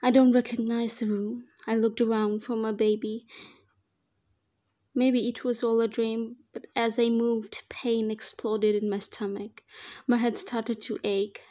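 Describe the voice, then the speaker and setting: A woman reading a first-person fan fiction story aloud as the narrator, in a slow, even storytelling manner. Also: on the high side.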